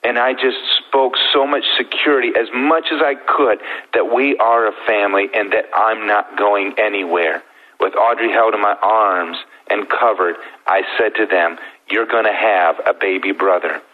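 Middle-aged male guest, lowish, earnest testimony; thin phone-like recording. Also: steady tone. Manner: earnest, heartfelt, with slow pauses. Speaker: guest telling his story. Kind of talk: emotional personal testimony.

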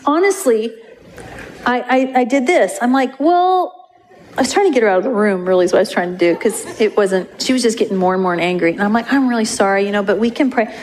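A woman's voice: mid-range voice, lively intonation, quick pace, darkish tone. A woman prayer minister animatedly telling a story to an audience, acting out voices and laughing at her own jokes.

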